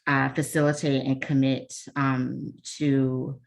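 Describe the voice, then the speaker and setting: Very low-voiced woman leading a webinar. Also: flat delivery, slow pace, creaky. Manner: conversational, many ums and restarts, self-deprecating asides. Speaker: webinar presenter. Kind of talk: casual online workshop talk. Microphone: video call.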